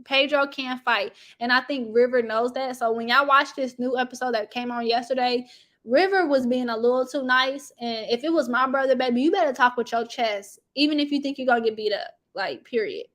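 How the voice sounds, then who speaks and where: A woman hosting a casual reality-TV gossip chat, animated and chatty, talking straight to her viewers. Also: on the high side, fairly quick. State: sniffling from allergies. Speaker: YouTube commentary host.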